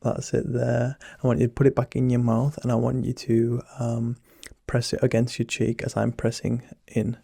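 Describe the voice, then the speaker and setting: Whispered role-play from a young man acting as a teasing doctor: a low, soft, husky voice, gravelly at the edge, dark and mellow in tone. He stays monotone at normal speed with few pauses, and the close, dry mic catches no room sound.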